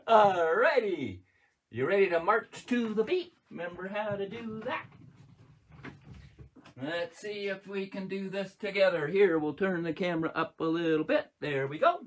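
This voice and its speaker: A man's voice: high voice, lively intonation, measured pace, slight background noise. A man hosting a live children's show, playfully doing magic tricks, gasping and singing for kids.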